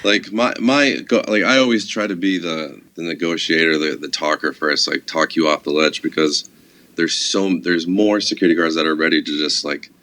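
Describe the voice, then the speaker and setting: A man with an extremely deep, low voice talks in a relaxed, rambling way. He swears freely and leans on fillers as he tells stories in casual chat. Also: normal speed. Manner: casual, profane, laid-back storytelling with many fillers. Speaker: podcast guest, actor.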